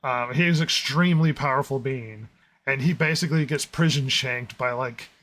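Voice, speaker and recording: A man co-hosting a casual review podcast, talking in an animated way, laughing often and lowering his voice to stress a point. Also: normal speed. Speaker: podcast co-host.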